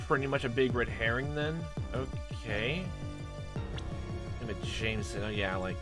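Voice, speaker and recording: A man's voice: medium pitch, a little slow. A man narrating a game playthrough in a loose, thinking-aloud way, full of fillers. His voice sits in a middle range. Game music plays steadily underneath. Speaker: let's play host. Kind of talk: casual game commentary.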